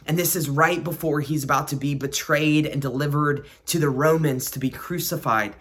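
A man's voice: fairly high pitch, steady tone, normal speed, fairly bright tone, husky. A man hosting a devotional podcast, praying and reading scripture in a reflective, earnest way and repeating key phrases. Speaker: podcast host.

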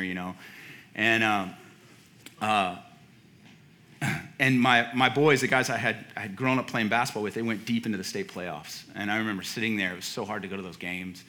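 A man's voice: fairly low pitch, sharp tone. A man in his forties, a pastor telling a personal story in a sermon, casual and chatty, laughing at himself and restarting his sentences.

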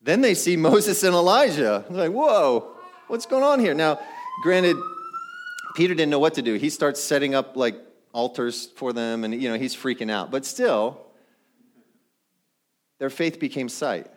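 Man, middle-aged pastor, sermon, conversational, asks the room questions, mid-pitched voice. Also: animated, unhurried, long pauses.

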